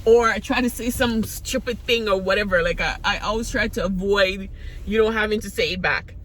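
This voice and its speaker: A woman raised in the Caribbean vlogs about her own life in a mid-range, somewhat bright voice at a moderate pace. She is candid and rambling, frequently restarting her sentences, and there is slight background noise.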